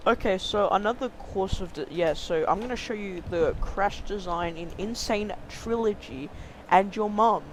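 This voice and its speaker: A man's voice: high-pitched, normal speed, slight background noise, poor audio. A man co-hosting a casual game podcast, rambling with lots of fillers and pushing to stay on topic. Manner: rambling, filler-heavy, keeps steering back to topic. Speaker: podcast co-host. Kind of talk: casual chat about video games.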